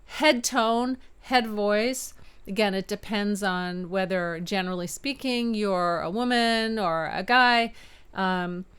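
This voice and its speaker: A woman's voice: medium pitch, takes it slowly, fairly bright tone, clean tone. A middle-aged woman voice teacher giving an upbeat video lesson in her home studio, sometimes singing to show her registers. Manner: upbeat, demonstrates chest and head voice by singing.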